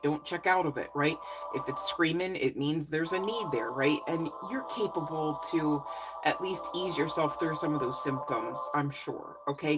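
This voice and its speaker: A woman's voice: low-pitched, poor audio. A woman giving a casual live psychic reading, effusive and encouraging, chatty with lots of fillers. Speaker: psychic reader.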